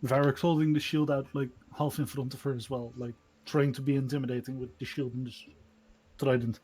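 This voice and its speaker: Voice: mid-range voice, little pitch movement, a little fast, a little mellow, slightly rough, soft background music. A player at a tabletop game speaking casually with a playful, joking manner.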